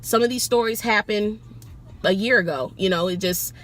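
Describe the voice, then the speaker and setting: A woman who drives for a rideshare service tells a story to camera in a casual, animated way, with lots of exclamations and swearing. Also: medium pitch, moderate pace. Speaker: rideshare driver telling stories.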